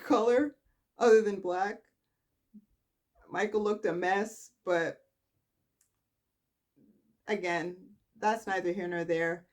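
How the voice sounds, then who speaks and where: Chatting slowly from home, a woman gives an animated soap opera recap, voicing the characters' lines herself with big pitch leaps.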